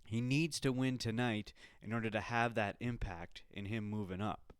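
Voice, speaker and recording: Hyped guy hosting a podcast, cursing a lot, smooth clear voice, dry close sound. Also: fairly low pitch, normal speed, dry recording. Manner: excitable, swears freely, calls listener dude. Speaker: podcast host. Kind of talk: casual chat.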